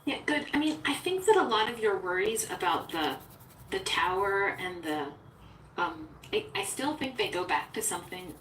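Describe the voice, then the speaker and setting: A woman in a philosophical conversation who talks eagerly and jumps in quickly. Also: mid-range voice, big pitch swings, fairly bright tone. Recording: roomy echo from far off with faint noise.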